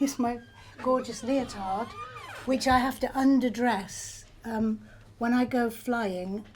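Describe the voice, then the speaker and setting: An older woman, a stage actor telling backstage stories in a lively, self-deprecating way with frequent laughs. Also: a little high, slow pace, a little hiss or hum. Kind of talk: backstage storytelling. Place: theatre backstage.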